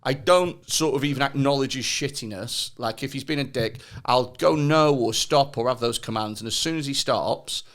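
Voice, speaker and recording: A man's voice: medium pitch, moderate pace, hardly any pauses, fairly bright tone. A man with a Lancashire accent co-hosting a casual podcast chat, telling stories loosely, swearing and laughing often. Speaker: podcast co-host.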